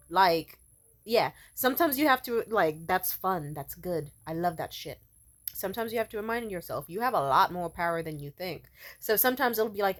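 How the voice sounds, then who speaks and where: A woman's voice: lowish voice, lively intonation, moderate pace, fairly bright tone. A young woman in a casual, profane monologue, candid and laughing often, acting out quoted lines. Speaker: vlogger.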